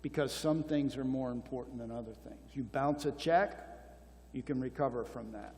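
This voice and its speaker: An older man, speaking as a conference speaker, answers questions at a marriage conference in a church hall with its long reverb. His medium-pitched voice moves at a normal speed and is gravelly and a little mellow. He sounds earnest and exhortative, repeating key phrases.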